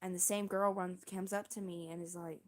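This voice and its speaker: A woman streamer casually telling a long story on a livestream, halting and restarting often, with casual swearing. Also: fairly low pitch, flat delivery. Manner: rambling, halting, with many restarts and fillers.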